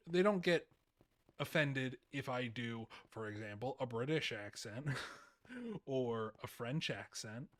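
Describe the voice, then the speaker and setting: A man's voice: medium pitch, fairly bright tone. A young man streaming a game, rambling in casual commentary with frequent laughs and repeated words.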